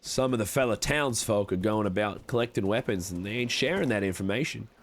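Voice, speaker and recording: A man's voice: fairly low pitch, lively intonation, a little fast, pitched below the performer's own voice. A man playing a slick cowboy conman in a game roleplay stream, speaking in a put-on American Western drawl with folksy, wheedling salesman patter. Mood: scheming. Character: slick smooth-talking cowboy conman, adult male.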